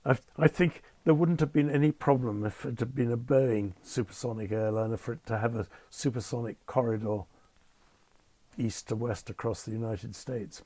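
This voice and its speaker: A man's voice: mid-range voice, normal speed, dark tone, no echo. An older man, a former airline captain telling anecdotes with dry understatement and acting out the people he quotes. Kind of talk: anecdotal storytelling in conversation.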